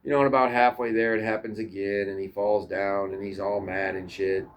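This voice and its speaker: A man's voice: on the low side, flat delivery, a little fast. A man casually telling childhood stories in a rambling, profane way, often repeating and restarting his words. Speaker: storyteller. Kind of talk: casual storytelling to camera.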